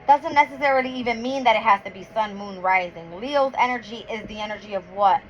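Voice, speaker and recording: A woman with a mid-range voice talks a little fast while giving a casual tarot and astrology reading, counting cards out loud and getting heated, blunt, and full of swearing. The recording is dull and lo-fi, with clearly audible background noise.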